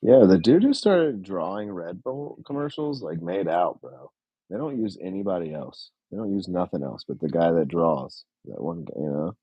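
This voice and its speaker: A man doing casual live reaction commentary from a home streaming setup, excitable and blunt, with long drawn-out oohs and casual swearing. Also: deep voice, breathy edge, no room sound, muffled recording.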